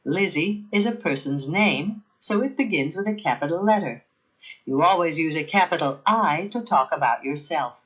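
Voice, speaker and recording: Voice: mid-range voice, expressive, normal speed, a bit bright, husky, dull audio. A narrator giving a scripted grammar lesson in a careful, evenly paced teaching manner.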